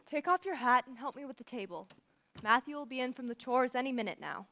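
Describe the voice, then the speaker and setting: A woman playing a stern, no-nonsense older farm woman who speaks in a brisk, commanding way, in a live stage musical. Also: high voice. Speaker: stage actor in a youth musical.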